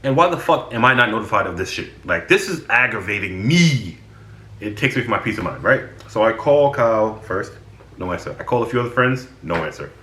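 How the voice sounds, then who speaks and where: Lively low-voiced man telling stories in an echoey room. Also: fairly quick. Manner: animated, exasperated, swears freely. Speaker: vlogger telling stories about his friends. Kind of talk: casual storytelling.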